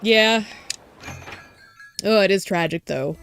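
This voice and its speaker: A woman's voice: medium pitch, slow, vocal fry, a bit bright, faint music behind. A young woman streaming a game, reacting with emotion and laughing through the sad moments. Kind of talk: let's play commentary.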